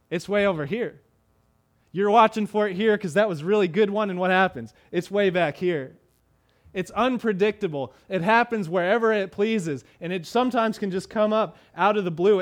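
A man preaching a sermon, asking the congregation questions and acting out short quoted lines, dropping his voice low for emphasis. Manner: acts out little voices and drops low for emphasis.

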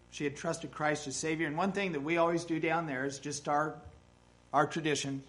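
A man's voice: on the high side, fairly bright tone. A male pastor preaching a sermon, telling stories and rising to emphatic bursts.

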